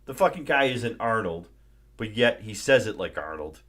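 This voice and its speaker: Profane ranting man, lively pitch. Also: moderate pace. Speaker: livestream host. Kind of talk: casual live-stream movie rant.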